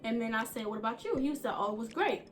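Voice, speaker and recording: Young woman, high-pitched, casual storytime vlog, talks to viewers directly. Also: expressive, quick pace. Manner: chatty, addresses viewers as y'all and you guys. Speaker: vlogger.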